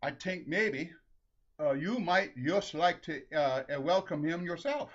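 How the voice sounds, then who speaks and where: Man doing a patient Norwegian Saint Peter, slow, lo-fi. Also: fairly high pitch, voice pushed up. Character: kindly male Saint Peter at heaven's gate. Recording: dull lo-fi recording.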